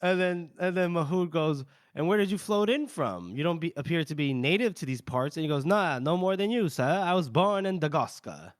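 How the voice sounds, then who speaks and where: In a dry, studio-quality recording, a male co-host with an expressive, higher-pitched voice casually runs through a novel's chapters on a podcast. He keeps breaking into quick character voices while retelling scenes, laughing frequently.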